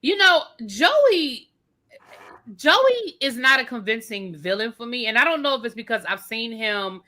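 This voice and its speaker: Bright, animated woman hosting a chat. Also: on the high side, measured pace. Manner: animated, emphatic, repeats phrases. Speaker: channel host. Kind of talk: casual live review chat. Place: home, getting ready to go out.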